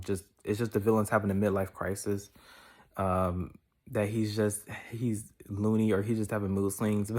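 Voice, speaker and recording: Rambling, animated man reviewing a film. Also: lowish voice. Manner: rambling, filler-heavy, animated with playful asides. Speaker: movie commentator. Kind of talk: casual film review chat.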